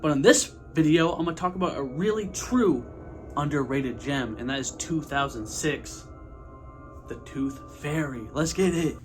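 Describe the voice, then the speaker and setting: A young man hosting a casual movie review vlog, slangy, energetic and profane. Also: a little high, moderate pace, music in the background. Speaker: host of a movie review channel.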